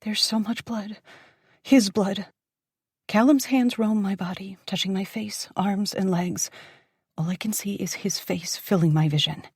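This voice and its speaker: A woman narrating a dark romance audiobook in the first person, intense and dramatic, often dropping to a whisper. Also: medium pitch, a little slow, breathy edge, dry recording, clean studio sound.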